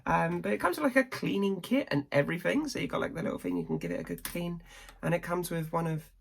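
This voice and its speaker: A woman's voice: lowish voice, fast, vocal fry, slightly rough. A British woman vlogging in a chatty, rambling way with asides. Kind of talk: casual chat.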